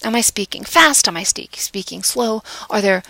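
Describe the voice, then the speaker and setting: A woman's voice: medium pitch, animated, gravelly, sharp tone, no echo. A woman teaching vocal delivery in a lecture, conversational, asking rhetorical questions and dropping into whispers to stress points. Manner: demonstrative, varies volume and pace deliberately, drops to whispers for emphasis. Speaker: speech instructor.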